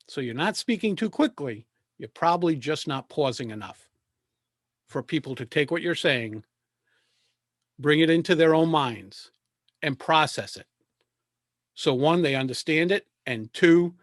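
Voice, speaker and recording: Man, speaking coach, measured delivery with pauses, slightly high voice, dry video-call sound. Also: no echo. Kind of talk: presentation coaching talk.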